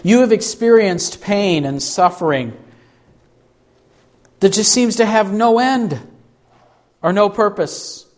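A man preaching a sermon, slow and emphatic, pleading through rhetorical questions. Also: high voice, animated. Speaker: pastor.

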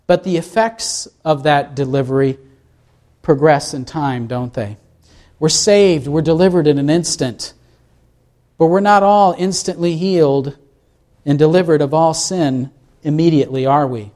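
A man's voice: fairly high pitch, unhurried, darkish tone. A man preaching a sermon, reading scripture and asking the congregation questions as he explains it. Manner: asks the congregation questions, reads scripture aloud. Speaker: pastor.

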